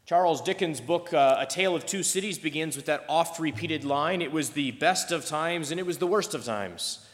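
A man's voice: fairly high pitch, moderate pace, long reverb tail. A male pastor reading a long scripture passage aloud, then praying and preaching with occasional fillers. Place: church sanctuary.

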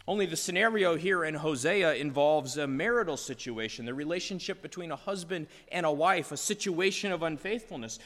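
A male preacher delivers a passionate sermon in a fairly high voice, building into exasperated outbursts. His words carry a long hall reverb, as in a church sanctuary. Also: fairly bright tone. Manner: impassioned, rising to exasperated outbursts. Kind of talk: expository sermon.

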